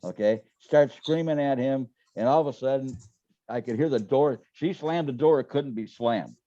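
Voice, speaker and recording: A man's voice: medium pitch, moderate pace, warm tone, no echo, dull audio. A man telling business stories in a folksy, casual way, often repeating words and acting out what people said. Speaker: guest. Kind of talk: casual storytelling interview.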